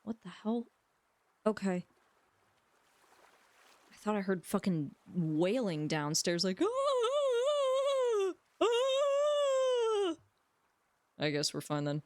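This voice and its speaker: A woman's voice: lowish voice, animated, slow pace, pauses often, no echo. A woman livestreamer in casual chat, rambling and joking as she talks to her viewers from home. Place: home room.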